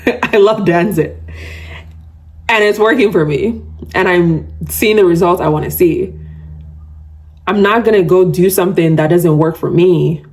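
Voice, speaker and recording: Woman, podcast host, casual solo talk, chatty, lower-pitched voice. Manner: chatty, animated, laughs often, self-described yapper.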